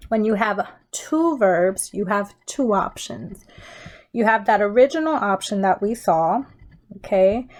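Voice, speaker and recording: Slow, patient woman teacher. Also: mid-range voice, darkish tone. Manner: patient, explains step by step with frequent "okay?" checks. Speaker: Spanish teacher. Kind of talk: recorded classroom grammar tutorial.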